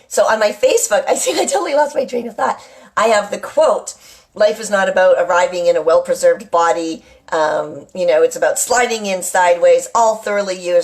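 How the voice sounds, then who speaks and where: A middle-aged woman chats to her live viewers from home in a relaxed, rambling way. She hops from story to story and tags her sentences with a questioning "right?" as she goes. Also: on the low side. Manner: chatty, rambling, often asks "right?". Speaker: live-stream host. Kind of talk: casual live chat to viewers. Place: at home with a kitchen nearby.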